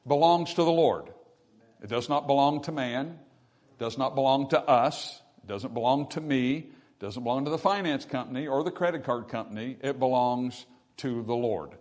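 A man preaching a sermon, teaching with rhetorical questions and repeating key phrases for emphasis. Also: medium pitch. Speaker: pastor.

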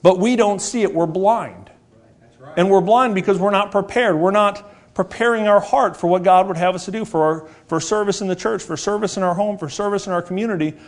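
A man in his forties with a high voice preaches a sermon. He is earnest and repetitive, posing rhetorical questions and slowing down to stress key words.

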